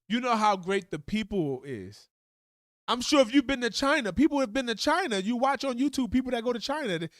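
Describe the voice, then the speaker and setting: A man's voice: high-pitched, no room sound, studio quality. A man hosting a live stream, giving blunt, heated commentary full of swearing. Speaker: livestream host. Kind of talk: profane live commentary rant.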